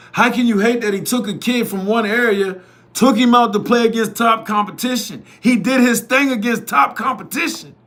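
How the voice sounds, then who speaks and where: A man's voice: high-pitched, fairly bright tone. A man who hosts youth football media, giving a blunt, profane, repetitive opinion monologue straight to his viewers.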